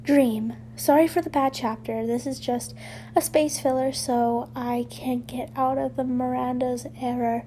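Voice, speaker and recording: A woman with a high voice reads fan fiction aloud at an unhurried pace. She keeps breaking off to mock the writing and swear at it, chuckling as she goes. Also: steady tone, warm tone, a little hiss or hum. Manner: irreverent, swears, laughs at the text. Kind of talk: casual reading aloud with commentary.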